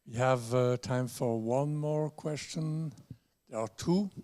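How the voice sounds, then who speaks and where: Moderator: man, mid-pitched, polite, slightly halting, hall reverb around him. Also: warm tone. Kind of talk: press conference moderation. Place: press club conference room. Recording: echoey hall.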